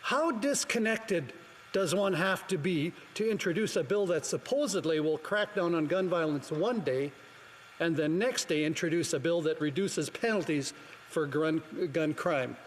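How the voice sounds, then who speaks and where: A man's voice: a little high, expressive, moderate pace. Man giving a pointed chamber speech. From Canada. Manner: firm, pointed, rhetorical questions. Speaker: member of parliament. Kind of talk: formal parliamentary speech. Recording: long reverb from a large chamber, faint background noise.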